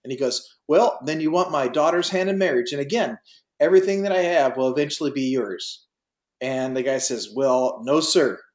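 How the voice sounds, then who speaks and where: In an online class over a video call, a folksy drone pilot test prep instructor lectures with lots of fillers and tells a joke. His voice is medium-pitched at a moderate pace, and the room sounds echoey.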